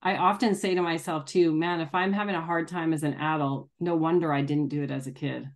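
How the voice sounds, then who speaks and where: A woman's voice: low-pitched, steady tone, fairly quick. A woman hosting a casual group conversation, talking in a reflective way and laughing easily. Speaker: group discussion host.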